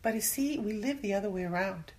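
A woman's voice: mid-range voice, fast talker, a little mellow. A woman giving a casual Bible teaching in conversation, earnest, sometimes dropping to a whisper for emphasis. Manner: acts out everyday voices when quoting. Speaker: Christian teacher.

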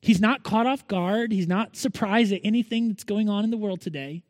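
Man, pastor, sermon, earnest rhetorical questions, high voice, dry close sound. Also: moderate pace, no room sound, in a large hall.

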